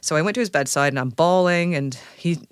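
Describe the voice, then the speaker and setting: A woman from Canada, a science writer guesting on a podcast, talking in an animated, enthusiastic storytelling way. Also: low voice, a little fast, clean tone, no room sound, clean studio sound. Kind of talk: casual podcast conversation.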